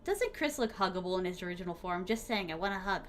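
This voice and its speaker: A young woman streaming a horror game, giving excitable live commentary and talking to herself and her chat as she plays. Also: lowish voice, fast talker, slight background noise. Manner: excitable, talks to herself and chat while playing.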